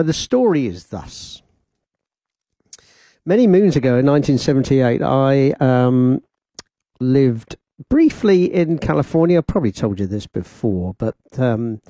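A mellow, medium-pitched male voice with no echo belongs to a radio host in the studio using a studio mic and headphones. He chats through a meandering personal anecdote, punctuated by laughs and quoted voices.

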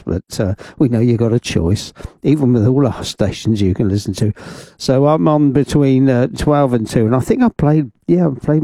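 A man's voice: medium pitch, mellow, no echo. An older man, presenting music on the radio in a rambling, chatty way with many ums and asides. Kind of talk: casual radio chat.

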